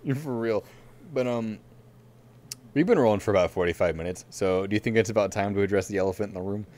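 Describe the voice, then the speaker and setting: A man co-hosts a podcast, talking in a very low voice. He rambles through a story with plenty of fillers. He breaks into laughter now and then. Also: quick pace, darkish tone. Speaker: podcast co-host. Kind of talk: casual chat.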